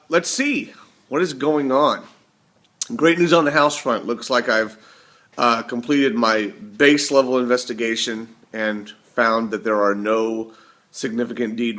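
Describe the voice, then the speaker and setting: A man's voice: medium pitch, steady tone, a little slow, bright, forceful tone. A man talking casually to camera in a rambling, self-correcting monologue. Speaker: vlogger.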